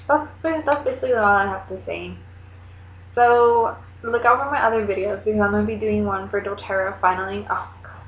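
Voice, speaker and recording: A young woman chatting casually to her camera, rambling along with lots of "like" and quick asides. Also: mid-range voice, fairly bright tone, slight background noise. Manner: chatty, rambling, heavy use of "like". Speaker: vlogger. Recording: echoey room, dull lo-fi sound.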